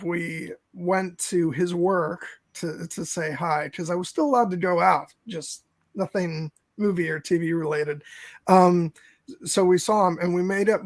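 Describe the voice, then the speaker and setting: Man, casual podcast co-host, high voice with gravel, dry close sound, rambling. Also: no room sound. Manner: rambling storyteller, many fillers. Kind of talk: casual film review chat.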